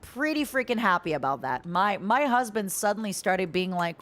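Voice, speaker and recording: Woman game streamer, playful and joking, very expressive pitch. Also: normal speed, few pauses. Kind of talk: casual gameplay chat.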